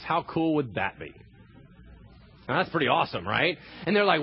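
Energetic guy preaching, voice jumps all over, kinda muffled recording w a little hiss. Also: a little high, normal speed, slightly rough. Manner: animated, acts out scenes in funny voices. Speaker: pastor. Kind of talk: sermon. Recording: slightly dull sound with faint ambient noise.

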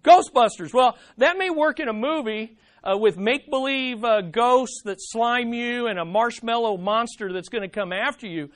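A pastor preaching a sermon in an animated way, acting out desperate pleas. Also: mid-range voice, moderate pace, hardly any pauses, no echo.

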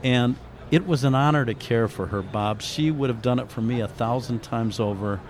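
A man's voice: medium pitch, normal speed, a little hiss or hum. A middle-aged man, a guest on a faith radio interview, telling a heartfelt personal story in an earnest, reflective way. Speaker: interview guest, author and ministry founder.

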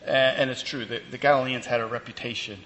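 A man's voice: medium pitch, steady tone, fast, a bit bright. A man preaching a sermon in a conversational way, with fillers and restarts as he explains the text. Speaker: pastor. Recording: long reverb, faint ambient noise.

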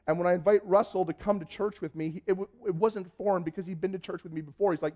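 A man from Canada, telling a personal testimony in a lively storytelling way, acting out dialogue and often restarting his sentences. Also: high voice, fast talker. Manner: lively, acts out dialogue, frequent restarts and repeated words. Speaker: speaker giving a personal testimony.

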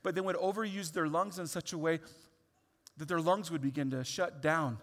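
A man, a pastor, delivering a sermon that moves from quiet reflection to loud, pleading emphasis. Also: a little high, steady tone, moderate pace, big-room sound.

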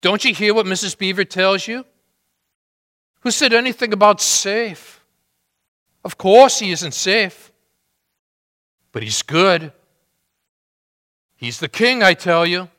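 A man's voice: high voice, lively intonation, slow, pauses often, pushed and bright, pitched above the performer's own voice, exaggerated voice. A man voicing a blunt, insistent talking beaver, speaking emphatically in a reverberant hall.

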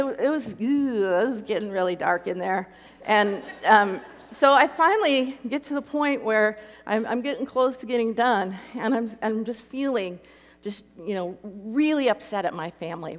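A woman's voice: mid-range voice, normal speed. A middle-aged woman giving a personal testimony talk, telling her story conversationally and acting out her inner speech. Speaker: Christian speaker. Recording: long hall reverb.

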